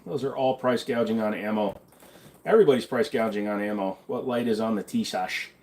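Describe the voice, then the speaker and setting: A man's voice: on the low side, fairly quick, a little mellow. A man hosting a casual livestream and answering chat in a blunt, offhand way, swearing now and then. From Canada. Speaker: livestream host reading chat.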